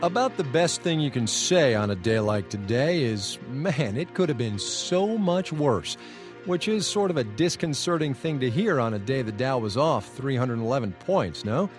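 Lively conversational man anchoring radio news. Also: mid-range voice, moderate pace, hardly any pauses, soft background music. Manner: conversational, lively, wry asides. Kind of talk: public radio business news hosting. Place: radio studio.

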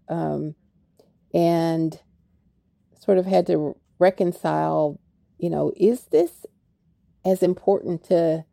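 A woman's voice: deep voice, gravelly, dry recording, clean studio sound. An older woman, an author talking reflectively in a radio interview. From Kentucky. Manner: reflective, soft-spoken, with fillers. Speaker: author guest.

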